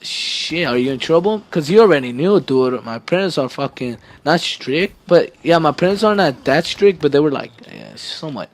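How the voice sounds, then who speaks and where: Teenage boy, vlogger, casual storytelling, rambling, swears often, fairly high voice. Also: lively intonation, normal speed, few pauses. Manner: rambling, swears a lot, laughs at himself.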